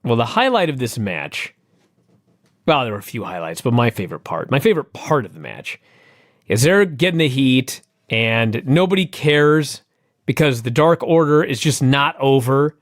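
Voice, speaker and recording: A man co-hosting a podcast, chatting casually as an excitable, enthusiastic fan. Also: moderate pace, no echo, studio quality. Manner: excitable, enthusiastic fan who jumps up in pitch when thrilled. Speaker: podcast co-host. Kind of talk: casual chat.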